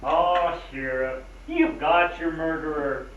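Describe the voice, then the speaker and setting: An actor playing a sardonic, polished worldly traveler in an old film. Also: male voice, on the high side, steady tone, takes it slowly, a little hiss or hum. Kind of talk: 1940s film acting. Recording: echoey, distant, dull old film soundtrack.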